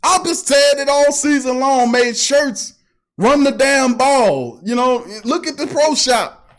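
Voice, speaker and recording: A high-pitched man hosting a loose sports talk show. He talks in an animated, emphatic way, hammering the same phrases again and again, and breaks into laughter between points. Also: measured pace. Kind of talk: casual sports talk livestream.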